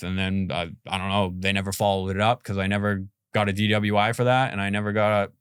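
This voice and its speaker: Boston guy in his 40s on a podcast, kinda low smooth voice, rambles a lot, says "like" constantly, swears some. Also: level tone, fast talker, few pauses, no room sound, studio quality. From Boston, USA. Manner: rambling, full of "like" and "you know", swears. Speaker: podcast guest. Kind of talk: casual storytelling in an interview.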